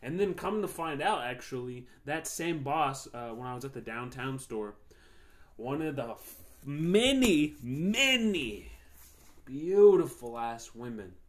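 A man's voice: medium pitch, animated, moderate pace, darkish tone. Profane young man venting. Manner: heated, profane, venting about work. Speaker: podcast host. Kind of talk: casual solo rant.

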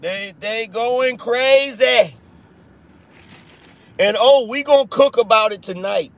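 A man hosting a live-stream political podcast, talking in a mocking, repetitive way, and now and then breaking into shouts and slang aimed at his chat. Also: very high voice, slow. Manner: slangy, addresses chat as y'all and brother. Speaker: podcast host.

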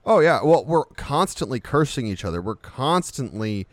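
A man's voice: mid-range voice, very animated, normal speed, no echo. A man co-hosting an unscripted chat, rambling and spinning vivid comic examples. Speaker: podcast co-host.

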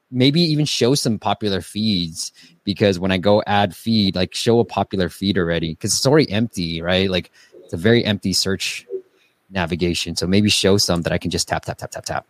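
A man's voice: deep voice, dry recording. A man hosting a casual live stream, reviewing apps and giving advice in a chatty way with lots of fillers.

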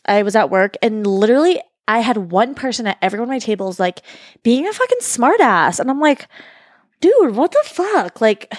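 A young woman with a fairly high voice recounts her day in loose, animated chat, cursing freely as she goes. The sound is close and dry, with no room around her. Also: brisk, no room sound. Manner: animated storyteller, swears freely. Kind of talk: casual chat.

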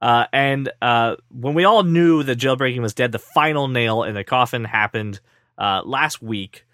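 Male podcast co-host, teasing and mock-hurt, middle pitch, dry close sound. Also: normal speed, a bit bright, dry recording. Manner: playful, mock-offended banter. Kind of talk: casual tech podcast chat.

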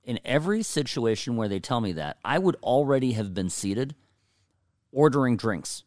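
A man co-hosting a podcast in casual chat, telling stories with animated delivery and acting out quoted staff. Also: medium pitch, moderate pace, no echo, studio quality. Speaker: podcast co-host.

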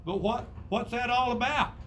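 A man's voice: very high voice, moderate pace, bright, forceful tone, a little hiss or hum. A man preaching a sermon to his congregation, emphatic, asking rhetorical questions and quoting scripture.

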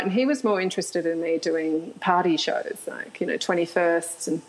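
A woman's voice: on the low side, moderate pace, rough recording. Frank woman, laughing storyteller. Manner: frank, laughs often, animated retelling. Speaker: guest, author. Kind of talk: candid storytelling interview.

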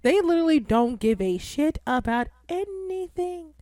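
A young woman hosting a casual podcast, swearing freely and bursting into loud, excitable outbursts. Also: sits high, normal speed, dry recording. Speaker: podcast host.

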